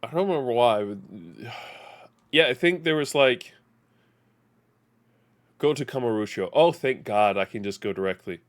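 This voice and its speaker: A man's voice: medium pitch, measured pace, pauses often. Chatty man streaming a game. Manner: chatty, animated, self-correcting. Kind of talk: live gameplay commentary.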